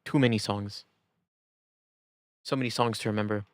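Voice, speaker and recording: A man's voice: fairly low pitch, fairly even intonation, moderate pace, no echo, clean studio sound. Rambling man streaming a game. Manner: rambling, filler-heavy. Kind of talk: casual gaming stream chat.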